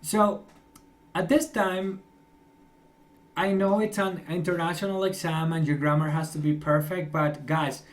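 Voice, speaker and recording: Young male English teacher, encouraging and chatty, slightly raised pitch. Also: fairly even intonation, a little slow. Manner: encouraging, chatty, laughs often. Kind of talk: online class feedback.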